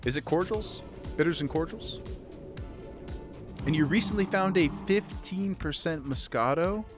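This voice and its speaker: A man's voice: fairly high pitch, measured pace, music in the background. A man livestreaming a game, chatting casually with his viewers in a rambling way and often restarting his sentences. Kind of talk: casual chat with viewers while gaming.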